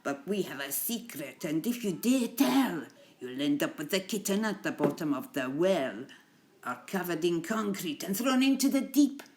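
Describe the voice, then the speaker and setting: A woman's voice: on the low side, sing-song, normal speed, a little mellow, a little hiss or hum. A woman voicing a gang of male mafia cats with a put-on Italian accent, reciting in a boastful, menacing sing-song.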